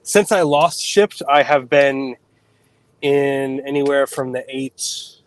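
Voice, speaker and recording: A man working as a delivery driver, chatting casually on a livestream in a halting, hesitant way. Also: mid-range voice, no echo. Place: out on delivery runs.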